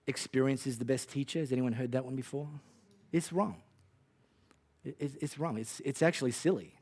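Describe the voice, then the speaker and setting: An Australian man preaching a sermon as a pastor, conversational and animated, with playful asides. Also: mid-range voice.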